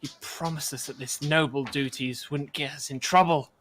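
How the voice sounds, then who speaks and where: A man's voice: fairly high pitch, steady tone, moderate pace, a bit bright, a little hiss or hum, close to an everyday voice. A man as a blunt, exasperated adventurer. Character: gruff, exasperated male adventurer.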